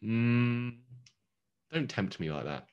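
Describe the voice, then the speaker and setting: A man co-hosting a podcast in casual chat, with a bass voice, teasing and laughing often. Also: expressive, slow pace, a little mellow, smooth, muffled recording. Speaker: podcast co-host.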